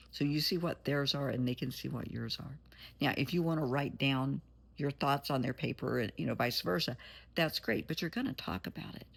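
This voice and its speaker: A woman's voice: extremely low pitch, vocal fry, breathy edge. A woman therapist giving an earnest, motherly pep talk straight to her viewers, blunt at times. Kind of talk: encouraging direct-to-camera talk.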